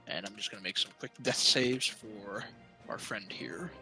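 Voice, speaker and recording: A man narrating a tabletop game as game master, descriptive and halting, with many fillers. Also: lowish voice, sharp tone, faint music behind, rough recording.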